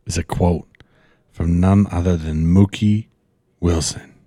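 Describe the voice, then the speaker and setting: A man with a lowish voice co-hosts a loose podcast, profane and pumped up. He slurs his words a little, as if he has had a few drinks. The sound is dry and close. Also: steady tone, takes it slowly, dark tone, no echo. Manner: profane, fired-up pep talk. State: slightly slurring, tipsy. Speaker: podcast co-host. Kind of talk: casual podcast chat.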